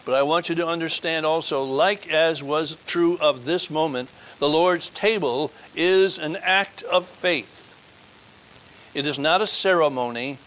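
A man's voice: on the high side, unhurried, a bit bright, low-quality recording. A man preaching a communion sermon, stressing his points by repeating key phrases and building to fervent appeals.

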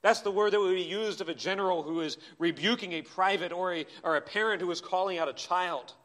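A man preaching a sermon in a church, impassioned, swinging between urgent cries and quiet asides. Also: high-pitched, a little fast. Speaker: pastor.

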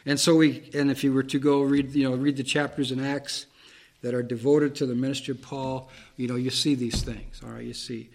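A man's voice: medium pitch, little pitch movement, a little fast, gravelly, a little mellow. A man preaching a Bible-teaching sermon, reading verses aloud and explaining them plainly, with fillers and restarts.

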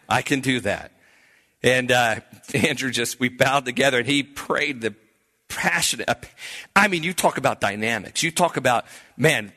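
A pastor with a bright, forceful voice recounts a conversion story. He tells it with lively, animated energy and acts out the voices of the people he quotes. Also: mid-range voice. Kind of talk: storytelling testimony.

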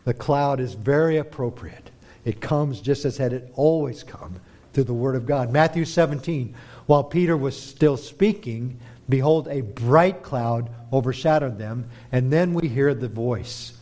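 A man preaching a sermon, dramatic, moving between hushed, slow emphasis and forceful rises. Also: medium pitch.

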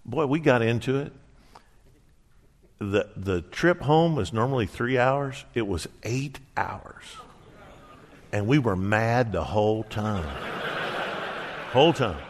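A middle-aged man preaching a sermon, telling a personal story with earnest warmth and acting out quoted dialogue. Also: medium pitch, lively intonation, slow, pauses often. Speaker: pastor. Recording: reverberant hall.

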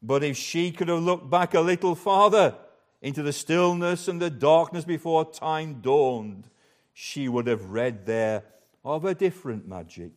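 A man reading aloud the words of a great, majestic lion from a storybook, grave and measured. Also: a little high, pitched above the performer's own voice, close to an everyday voice. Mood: solemn. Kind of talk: storybook read aloud in a sermon.

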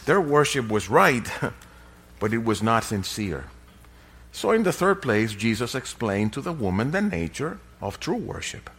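Male pastor, emphatic sermon delivery, lively swooping pitch, unhurried pace. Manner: emphatic, rising to loud peaks.

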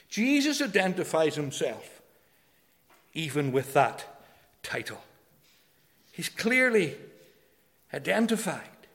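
A man preaching a sermon, emphatic, swinging between loud declarations and hushed phrases. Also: sits high, lively intonation, measured pace. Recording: long hall reverb.

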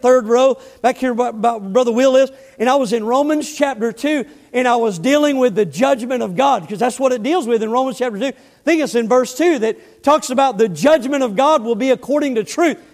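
A man preaching a sermon as a pastor, telling a story in a casual way and then dropping to hushed emphasis on key words. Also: extremely high pitch, fairly quick. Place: church sanctuary. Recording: long church reverb.

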